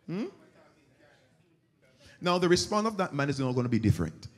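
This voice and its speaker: A man's voice: on the high side, brisk, long pauses. A man preaching a sermon as pastor, telling stories and acting out their characters. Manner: animated storytelling, acting out characters. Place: church sanctuary. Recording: long church reverb.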